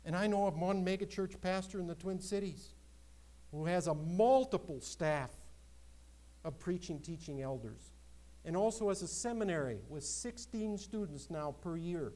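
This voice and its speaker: A man preaching a sermon, swinging between loud emphatic exclamations and quieter asides. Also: high-pitched, moderate pace, low-quality recording. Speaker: pastor.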